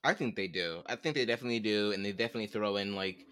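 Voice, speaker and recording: A man co-hosting a podcast, chatting in an animated way and laughing as he talks. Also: lowish voice, rapid-fire, smooth, no room sound. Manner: animated, laughs while talking. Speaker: podcast co-host. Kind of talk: casual chat.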